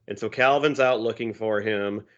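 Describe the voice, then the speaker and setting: A man's voice: on the low side, moderate pace, a bit bright, lo-fi sound. A man co-hosting a podcast, a teacher, casually reading comic strips aloud and chuckling as he explains them. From Minnesota. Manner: easygoing, chuckling storyteller.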